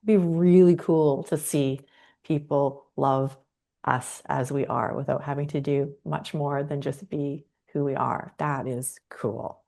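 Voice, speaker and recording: A woman's voice: rumbling low, measured pace, creaky. A middle-aged woman speaking as a guest on a podcast. She talks casually, with enthusiasm and frequent laughter. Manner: enthusiastic and expressive, laughs easily. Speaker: podcast guest, creative professional.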